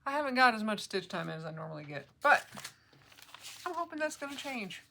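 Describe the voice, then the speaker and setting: A middle-aged woman with a medium-pitched voice vlogs casually about her cross-stitch projects as a flosstube vlogger, over heavy background noise. She's chatty and jokey, laughing often.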